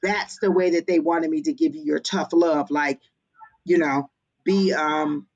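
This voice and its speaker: A woman's voice: sits low, steady tone, measured pace, darkish tone, lo-fi sound. A woman giving a tarot and psychic reading on a livestream, speaking in an earnest, reassuring way. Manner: earnest, reassuring, repetitive affirmations.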